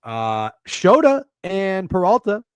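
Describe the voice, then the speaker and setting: A man co-hosting a casual sports betting podcast over a video call, animated, teasing and swearing a lot. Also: high-pitched, slow pace, clean tone, no room sound. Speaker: podcast co-host.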